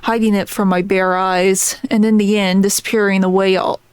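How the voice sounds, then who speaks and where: A woman's voice: medium pitch, level tone, clean tone, no room sound, lightly acted. A woman reading out the lines of a grim, vengeful old fisherman from a game, plainly and with small stumbles, in her own everyday voice. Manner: reads the lines plainly, halting on some words. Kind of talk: reading game dialogue aloud.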